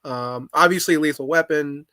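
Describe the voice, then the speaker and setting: A podcast co-host in casual conversation, this man fills his talk with fillers and restarts. His slightly high voice sounds pushed and bright at normal speed, in a dry recording with clean studio sound.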